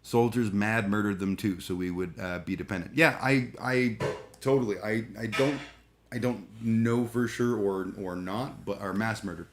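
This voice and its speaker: Man, lowish voice, rambling live-stream chat, lots of ums and restarts, irreverent. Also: steady tone, normal speed, slight background noise. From Canada. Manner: rambling, with many fillers and restarts; irreverent, joking.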